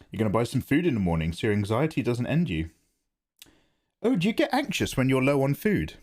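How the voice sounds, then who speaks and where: A man's voice: medium pitch, wildly swooping pitch, moderate pace, long pauses, darkish tone. A man chatting casually with viewers while drawing on a livestream from his home setup. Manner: chatty, chats with viewers in the chat. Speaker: art streamer.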